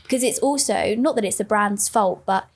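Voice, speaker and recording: Young woman, mid pitch, calm thoughtful podcast chat. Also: normal speed. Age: young adult. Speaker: marketing podcast co-host. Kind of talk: casual chat.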